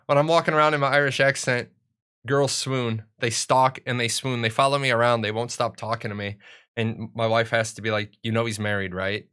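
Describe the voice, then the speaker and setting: Young male streamer, bright and forceful tone, rambling self-joking chat at a desk mic. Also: medium pitch, fairly even intonation, a little fast, smooth. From United States. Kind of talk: casual live-stream chat.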